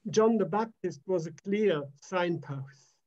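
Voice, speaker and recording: A man minister preaching a sermon in an emphatic, measured way, repeating phrases for weight. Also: high-pitched, a little mellow, muffled recording.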